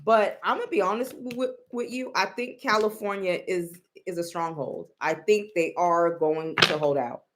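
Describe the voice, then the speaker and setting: A woman's voice: fairly low pitch, moderate pace, few pauses, a bit bright, a little hiss or hum. A woman giving casual commentary, blunt and profane, often rambling and restarting her sentences.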